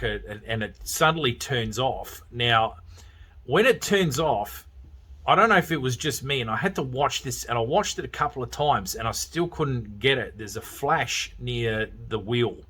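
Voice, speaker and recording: An Australian man hosting a podcast, chatting casually and excitedly about a horror film, swearing freely and laughing as he goes. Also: mid-range voice, breathy edge. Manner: animated, sweary, laughs often. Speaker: podcast host. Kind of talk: casual film review chat.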